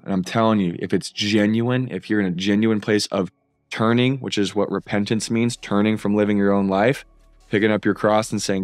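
A man in his thirties with a lowish voice tells his faith testimony with earnest fervor. The sound is close and dry, with no room around him. He builds from story to a heartfelt appeal. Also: steady tone, moderate pace, no echo, soft background music. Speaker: filmmaker and content creator.

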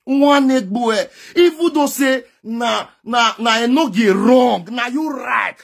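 Nigerian man, very high husky voice, lecturing commentator who keeps getting loud. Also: takes it slowly. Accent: Nigerian Pidgin English. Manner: emphatic, lecturing, often raises voice. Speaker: social media commentator. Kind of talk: direct-to-camera advice monologue.

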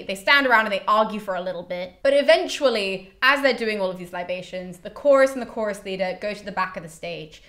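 A woman's voice: mid-range voice, a bit bright. A woman host giving a chatty, casual summary of a classical play, dropping in playful mock quotes of the characters.

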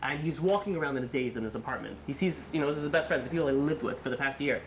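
A man, a rabbi, telling a long story in a sermon, animated and full of fillers, acting out the people in it. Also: mid-range voice, rapid-fire, roomy sound, slight background noise. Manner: animated, acts out quotes, many fillers.

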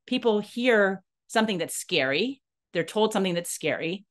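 A woman telling her own story in an emotional personal monologue. She is earnest and halting, restarts her sentences often, and rises and falls in pitch as she speaks. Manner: animated, rising and falling in pitch. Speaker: nonprofit leader sharing a personal story.

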